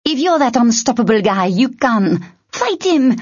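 A frantic young heroine from a fantasy storybook cries out to her ally mid-fight, put on by a woman narrator. Her voice jumps high and sounds breathy and urgent. The recording is dry and lo-fi. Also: very animated, unhurried, a little mellow, dry recording, heavily acted.

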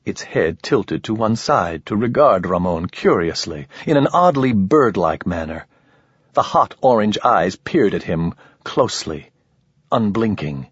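A man narrating a story in a measured, dramatic reading. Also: lowish voice, expressive, breathy edge, dry recording, highs cut off. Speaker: audiobook narrator. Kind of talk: scripted narration.

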